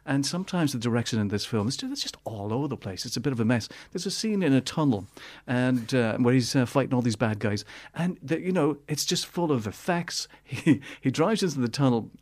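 Man, film reviewer, casual chat, fast pace, hesitant fillers. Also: medium pitch, expressive, a little mellow. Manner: rambling, hesitant, full of fillers.

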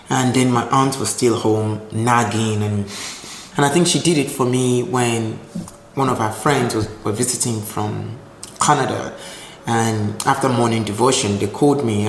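A man from Nigeria telling his life story in an interview, animated and acting out voices in the quotes. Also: medium pitch, a little hiss or hum. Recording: roomy echo with faint ambience.

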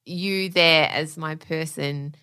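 A woman with a bright, forward voice talks earnestly in a casual chat. She is colloquial and quick to laugh. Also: sits low, steady tone, clean tone. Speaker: podcast co-host.

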